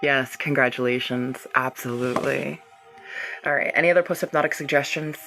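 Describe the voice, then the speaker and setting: A woman leads a live energy-healing stream and speaks in a casual, rambling way. She greets her viewers and laughs easily between thoughts. Soft music plays faintly under her voice. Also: rumbling low, steady tone, fairly quick. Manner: chatty and loose, laughs often, talks straight to viewers. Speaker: reiki healer hosting a livestream.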